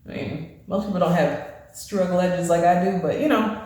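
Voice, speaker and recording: A woman's voice: lowish voice, normal speed, warm tone, a little hiss or hum. A woman vlogging about her hair in a chatty, conversational way, a little out of breath. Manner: chatty and conversational, full of fillers. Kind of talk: casual chat. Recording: very echoey room, faint music.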